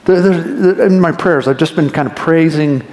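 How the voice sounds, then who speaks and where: A man's voice: on the high side, a little mellow. Conversational male pastor in an echoey hall. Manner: conversational preaching, with quick asides and mock inner voices. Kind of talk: sermon. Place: church sanctuary. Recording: echoey church hall reverb.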